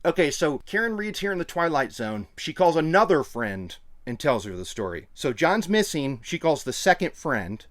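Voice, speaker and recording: A man co-hosting a podcast, chatting casually and jokily, breaking into quick impressions. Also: fairly high pitch. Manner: animated, jokey, does quick impressions. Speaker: podcast co-host. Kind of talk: casual chat.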